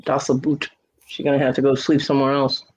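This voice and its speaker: A woman's voice: very deep voice, flat delivery, brisk, lo-fi sound. A woman hosting a casual livestream chat, joking and laughing often. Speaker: livestream host.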